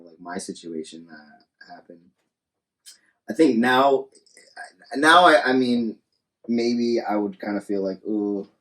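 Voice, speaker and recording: A man's voice: lowish voice, a bit bright. A man co-hosting a casual podcast. He speaks bluntly and swears a lot, and he acts out hypothetical arguments. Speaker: podcast co-host. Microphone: studio podcast mic.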